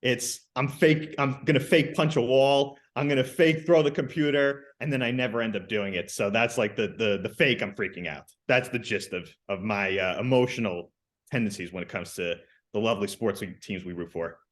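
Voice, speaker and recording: A man's voice: mid-range voice, moderate pace. A young man co-hosting a casual sports podcast, blunt and emphatic, swearing freely. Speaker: podcast co-host.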